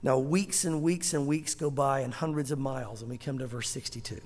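A man preaching a sermon as pastor, telling the story with lively, animated delivery and acted-out dialogue. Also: medium pitch, fairly quick, in a large hall.

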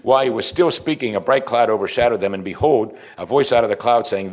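A man preaching a sermon, animated, acting out the quoted lines and chuckling as he explains. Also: lowish voice, fast, few pauses.

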